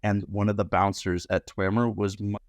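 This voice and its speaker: A man's voice: normal speed, dry recording, clean studio sound. A young man, a bartender and podcast guest, telling stories casually and acting out quotes in a raised voice. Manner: animated, acts out quotes in higher voices. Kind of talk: casual storytelling.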